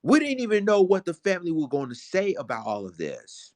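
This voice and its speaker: A man's voice: sits high, wildly swooping pitch, a little fast, no echo. A man vlogging emotional commentary, indignant and repetitive, talking straight to his viewers.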